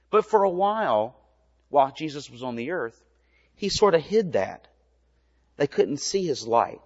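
Guy preaching a kids' sermon, gentle and simple, echoing hall, muffled recording. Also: medium pitch. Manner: gentle, storytelling, speaking simply to children. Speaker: pastor. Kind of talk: children's sermon. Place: church. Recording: reverberant church, dull lo-fi sound.

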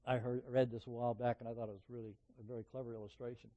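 A middle-aged man preaching a sermon, telling personal stories in a conversational way that swings from emphatic peaks to quiet asides. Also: mid-range voice, level tone, rapid-fire, dull audio.

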